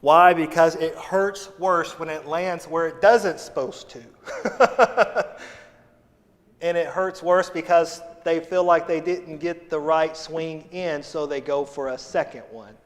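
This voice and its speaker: A man with a drawl preaches from the pulpit, his voice sitting a little high for a man. He mixes homespun humor with scripture, going loud for emphasis and dropping low for asides. The long church reverb hangs after each phrase. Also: fairly even intonation, slow pace. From Missouri, USA. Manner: folksy and humorous, shifting between loud emphasis and quiet asides. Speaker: associate pastor. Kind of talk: sermon. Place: church sanctuary.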